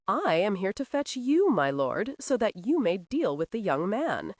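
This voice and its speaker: A woman's voice: medium pitch, very animated, a little slow, a little mellow, dry recording, studio quality. A woman voicing a fussy, very old male housekeeper who speaks in a prim, reproachful, formal way in an audiobook.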